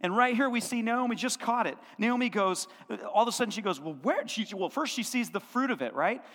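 A male pastor with a high-pitched voice delivers a lively sermon, voicing the characters in his story as he goes. The sound carries a long reverb from the church hall around him. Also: brisk. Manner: animated storytelling, acting out biblical characters' lines. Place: church sanctuary.

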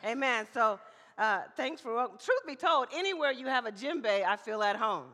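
Woman preacher from Mississippi, bright voice, slightly hoarse, chatty sermon, long hall reverb. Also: a little high, moderate pace. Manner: lively, chatty, calls for amens. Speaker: guest preacher. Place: church hall.

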